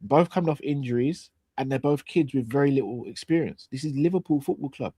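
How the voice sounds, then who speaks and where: A man chatting on a football fan stream. He talks in animated bursts, repeating words and dropping slang. His voice sits mid-pitched and dry, close to the mic with no room sound. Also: brisk, husky, no room sound. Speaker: co-host of a fan talk show. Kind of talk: casual chat.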